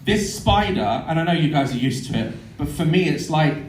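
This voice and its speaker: A man in his thirties telling sweary, animated comic stories to a live audience in a theatre. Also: on the high side, fairly quick. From United Kingdom. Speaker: YouTuber on stage. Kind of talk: live comedy storytelling. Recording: echoey hall with crowd noise.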